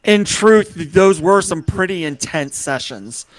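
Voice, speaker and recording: Male player, joking banter, lively higher voice. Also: takes it slowly. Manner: playful, joking. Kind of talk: casual table banter.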